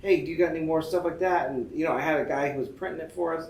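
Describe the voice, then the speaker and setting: A man's voice: fairly high pitch, gravelly, slight background noise. A man in casual chat, joking and swearing as he tells a story. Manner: fast, joking, swears a lot. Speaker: tattoo shop owner guest. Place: tattoo convention. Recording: roomy echo.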